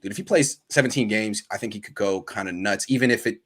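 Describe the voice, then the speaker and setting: A man hosting a sports talk show, excitable and quick with banter as he takes calls. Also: fairly low pitch. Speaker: host.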